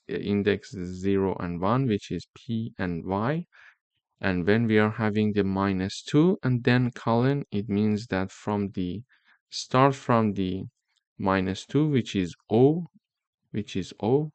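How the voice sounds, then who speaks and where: Man, coding tutorial, slow careful explaining, low voice, clear dry close mic. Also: a little mellow, no echo. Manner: slow, step-by-step explaining with repeated "okay?" checks. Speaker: programming teacher. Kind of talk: screen-recorded coding tutorial.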